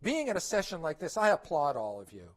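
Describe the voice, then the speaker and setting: A man's voice: fairly high pitch, wildly swooping pitch, fairly quick. A middle-aged man presenting at a conference, lecturing parents in a conversational way, often asking rhetorical questions and checking in with "okay?".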